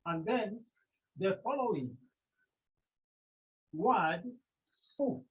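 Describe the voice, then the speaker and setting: Slow, husky teacher over a tinny line. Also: medium pitch, animated. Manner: slow and deliberate, sounding out syllables; asks the class questions, then answers them. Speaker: Greek teacher. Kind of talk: lecture to a class. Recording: tinny phone-like online class audio.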